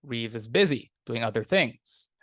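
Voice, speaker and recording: A stern noble mother, voiced by a man narrating a tabletop game, firm and curt. She speaks slowly. The sound is dry. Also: mid-range voice, animated, fairly bright tone, dry recording.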